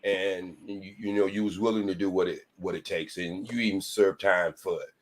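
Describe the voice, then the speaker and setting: A man's voice: deep voice, steady tone, normal speed. A man talking casually on a live-stream panel, folksy and preachy. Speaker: panel guest.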